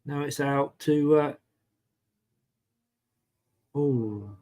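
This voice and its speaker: An English-accented man runs a fan channel's live football watchalong, casually calling the play and chatting with viewers. His mid-range voice is mellow, and he draws out his words.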